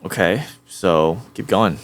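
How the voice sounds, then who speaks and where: A man's voice: deep voice, slow, dry recording. A man streaming a casual chat with an AI, talking hesitantly with many fillers and restarts.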